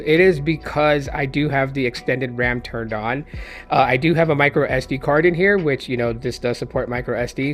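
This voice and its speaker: A man of ordinary pitch talks viewers through a phone update in a loose, rambling vlog voice, filling pauses with ums and you-knows. His voice sounds slightly hoarse, and a soft music bed plays quietly behind him. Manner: rambling, conversational, many fillers. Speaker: tech reviewer. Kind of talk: casual tech review vlog.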